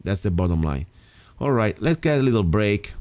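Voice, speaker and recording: Emphatic talk radio host, lowish voice. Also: male voice, big pitch swings, moderate pace, a little mellow, no room sound. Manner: emphatic, rambling with restarts. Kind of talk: casual talk radio monologue.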